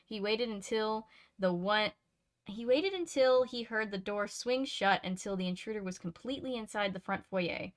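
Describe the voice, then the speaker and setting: A woman's voice: medium pitch, normal speed. A woman reading a mystery novel aloud and breaking off for chatty, laughing commentary and self-corrections. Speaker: reader and channel host.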